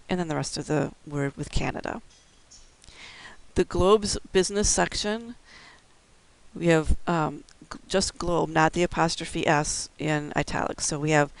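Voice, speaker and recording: A man's voice: a little high, creaky, clean tone, no echo, rough recording. A man giving a recorded instructional lecture, explaining things step by step with occasional fillers. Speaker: braille instructor.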